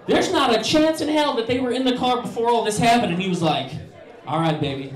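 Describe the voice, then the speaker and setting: A young male stand-up comedian tells a story fast, animated and profane, putting on voices for the characters. His voice is very high for a man, and he sounds distant from the mic in an echoey club.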